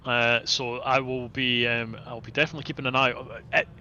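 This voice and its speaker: A man's voice: mid-range voice, flat delivery, a little fast, bright, forceful tone, lo-fi sound, a little hiss or hum. A man co-commentating on an online sim race, with dry, teasing humour and mock outrage.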